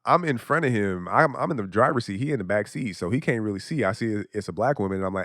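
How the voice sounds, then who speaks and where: A man's voice: fairly low pitch, lively intonation, fast, hardly any pauses, a bit bright, no echo, studio quality. A young adult man hosting a podcast, talking in a blunt, profane, casual monologue and laughing often. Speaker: podcast host.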